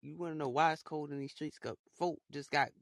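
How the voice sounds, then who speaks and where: A man's voice: on the high side, steady tone, fairly quick, vocal fry, no echo, clean studio sound. Young man rambling through a heartfelt podcast. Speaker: podcast host. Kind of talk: casual solo podcast monologue.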